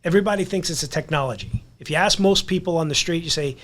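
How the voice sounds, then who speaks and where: A man's voice: fairly high pitch, fast talker, fairly bright tone. A man guesting on a podcast, talking earnestly in a casual conversation and repeating words as he builds a point.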